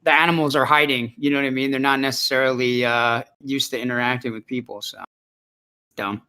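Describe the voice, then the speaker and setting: A man's voice: medium pitch, steady tone, fairly quick, pushed and bright, clean tone. A man co-hosting a casual podcast, laid-back and swearing casually.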